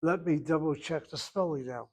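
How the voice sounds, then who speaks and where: Male language teacher, fairly high voice, emphatic, repeats himself, corrects students. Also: normal speed, a little mellow. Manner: emphatic, repeats and corrects students, thinks aloud while spelling. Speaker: Hebrew teacher. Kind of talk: online class teaching.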